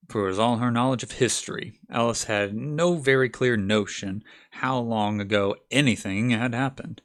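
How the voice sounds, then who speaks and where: A man's voice: medium pitch, normal speed, hardly any pauses. A man narrating an amateur audiobook reading, reading for the first time with stumbles and restarts.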